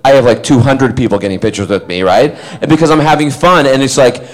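A man born in Scotland tells a rambling, animated anecdote to fans at a convention panel. He acts out the voices in his story and laughs often. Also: mid-range voice, quick pace, low-quality recording. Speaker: actor telling a story to fans.

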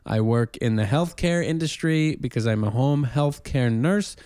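A man's voice: mid-range voice, normal speed, a little mellow, clear, resonant tone, dry recording, clean studio sound, natural voice. A man putting on a silly character voice of a single podcast host who lives with his mother. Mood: mock-serious.

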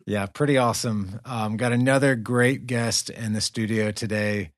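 A man's voice: lowish voice, steady tone, normal speed, no echo, clean studio sound. A man hosting a podcast, telling a story in a casual, upbeat way with lots of fillers and laughs. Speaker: podcast host. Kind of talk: casual chat. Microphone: remote recording for a virtual studio.

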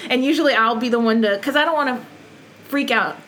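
A young woman, a wrestler guest on a podcast, telling stories in a casual, animated way with lots of "like". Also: on the high side, brisk, a little hiss or hum, rough recording. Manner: animated, laughs often, lots of "like". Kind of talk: casual storytelling interview.

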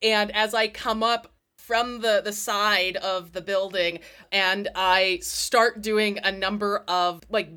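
A woman co-hosting a tabletop game podcast, recounting her character's moves with animated storytelling and laughter. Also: medium pitch. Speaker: podcast co-host and tabletop player. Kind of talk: casual chat and in-game narration.

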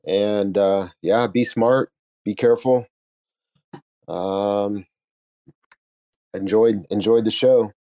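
A man giving short parting remarks as a guest in a casual chat, speaking haltingly with pauses. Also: fairly low pitch, fairly even intonation, muffled recording. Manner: hesitant, halting.

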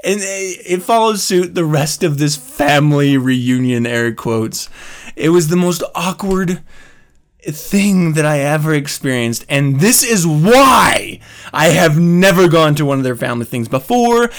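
A man's voice: a little high, unhurried. A man hosting his own podcast, telling a story in a casual monologue, swearing freely and laughing often as he rants. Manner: animated, profane storytelling rant with frequent laughs. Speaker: podcast host.

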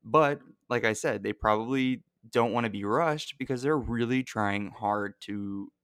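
Smooth-voiced man rambling in casual chat. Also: medium pitch, measured pace, a bit bright, dry recording, studio quality. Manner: rambling, filler-heavy, runs sentences together. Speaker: podcast co-host.

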